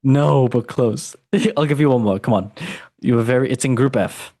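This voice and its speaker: A man's voice: mid-range voice, brisk, dark tone, husky, dry recording. A man hosting a football quiz, playful and teasing, calling his guest mate. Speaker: podcast host and quizmaster. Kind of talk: casual podcast chat.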